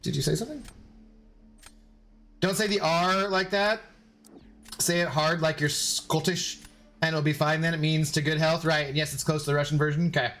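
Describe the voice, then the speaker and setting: A man's voice: a little high, fairly even intonation, normal speed, pauses often, a bit bright. A man chatting casually on a gaming livestream, laughing often, swearing loosely and thanking viewers by name. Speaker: streamer.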